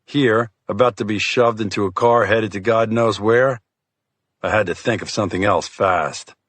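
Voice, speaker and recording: A man narrating a crime thriller audiobook in the first person, with a steady, measured delivery. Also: lowish voice, no echo.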